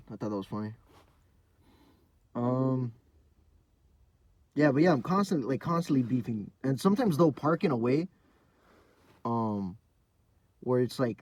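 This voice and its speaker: A young man hosting a podcast, telling a rambling, profane story in a casual monologue full of fillers, sometimes dropping to a low mumble. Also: dark tone, slight background noise. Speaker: podcast host.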